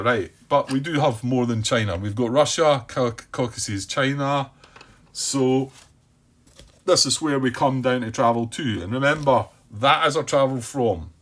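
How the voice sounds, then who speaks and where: Speaking at an ordinary middle pitch, a man thinks aloud as he plays a solo board game, his reasoning hesitant and full of self-questioning. He repeats words as he goes and tells himself, by name, to calm down.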